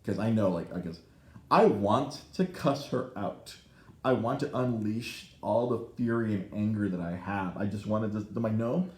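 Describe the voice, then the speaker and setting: A man in his thirties hosting a podcast, telling a story in a casual, animated way, swearing often and acting out the voices he quotes. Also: lowish voice, moderate pace, few pauses, echoey room. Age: 30s. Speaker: podcast host. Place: podcast studio in a comic shop.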